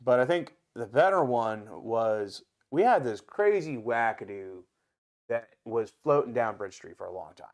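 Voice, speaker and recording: Man, Ohio accent, restaurant owner, animated storyteller, casual swearing, mid pitch. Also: unhurried.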